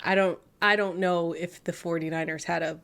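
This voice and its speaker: A woman's voice: lowish voice, fairly even intonation, normal speed, fairly bright tone. A woman co-hosting a casual comedy podcast, teasing her partner and laughing often. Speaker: podcast co-host.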